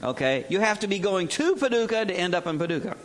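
This is a man in his sixties delivering a sermon to his congregation. He talks in a folksy, humorous way and keeps throwing out rhetorical questions. His voice sits a little high and moves around with lively emphasis. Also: quick pace. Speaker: missionary preacher.

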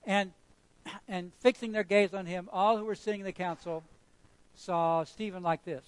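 Male pastor, sermon delivery, slightly high voice, emphatic repetition. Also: fairly even intonation, normal speed, clear, resonant tone, no echo, low-quality recording. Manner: emphatic, storytelling, repeating phrases for effect.

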